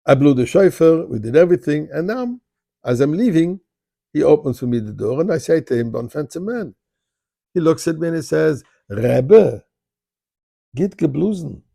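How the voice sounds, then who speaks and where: A man, a rabbi, telling a personal story in an animated way, rattling off Hebrew prayer quickly in places. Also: a little high, gravelly, dry recording, clean studio sound. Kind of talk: spoken storytelling. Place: Montreal.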